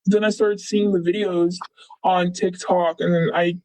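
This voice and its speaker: A man's voice: sits high, flat delivery, measured pace, a little mellow, dry recording, poor audio. A young man being interviewed, telling a personal story in a rambling, casual way full of fillers. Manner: rambling, filler-heavy, quotes others with "blah, blah".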